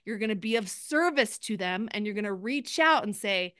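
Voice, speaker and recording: A woman coaching a group over a video call, upbeat and quick, often acting out sample posts in lively bursts. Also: mid-range voice, clean tone, no room sound, clean studio sound. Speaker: sales coach.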